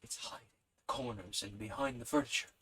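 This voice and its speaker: A grown uncle coaxing a shy spirit in a low, breathy hush, as the narrator voices him. He speaks softly and keeps his voice close to a whisper. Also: brisk, slight background noise, natural voice, rough recording.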